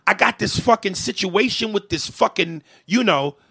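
A man's voice: high voice, lively intonation, normal speed, creaky, pushed and bright, husky, dry recording. A man, a comedian hosting a podcast, venting in a heated, profane way during a conversation.

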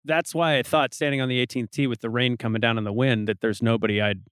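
A man's voice: mid-range voice, steady tone, quick pace, a bit bright, smooth, dry recording, clean studio sound. Blunt man in casual golf chat. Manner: blunt, swears freely, asks pointed questions. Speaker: podcast co-host.

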